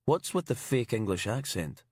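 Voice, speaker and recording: A man's voice: mid-range voice, sing-song, moderate pace, a little mellow, no room sound, studio quality. A man voicing a detective sergeant who is curt, sweary and contemptuous. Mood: hostile. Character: angry male detective sergeant, blunt and sweary.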